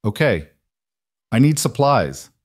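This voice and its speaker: A man reading as a steady, protective rancher. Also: medium pitch, slow pace, no room sound, studio quality. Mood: plain. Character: gruff, protective male rancher, newly a father.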